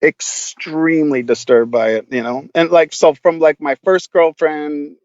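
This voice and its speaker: A man with a fairly high voice rambles through his stories as a podcast guest, swearing freely and leaning on fillers. The sound is slightly muffled and dry, with no room echo. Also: steady tone, a little slow. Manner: rambling, profane, with many fillers. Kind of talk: casual storytelling.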